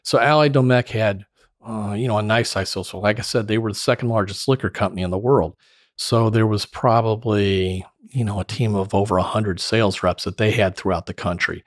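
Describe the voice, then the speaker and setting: Speaking fairly quickly in a low-leaning voice, a middle-aged man who used to be a sales director laughs often while animatedly telling stories on a podcast. The casual interview is captured with clean studio sound and no room sound.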